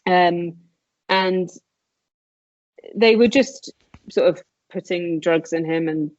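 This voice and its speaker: A woman's voice: fairly low pitch, slow, a little mellow, no echo. A woman, a podcast guest, earnestly telling a personal story and acting out the dialogue in a raised voice. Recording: dull lo-fi, dry sound.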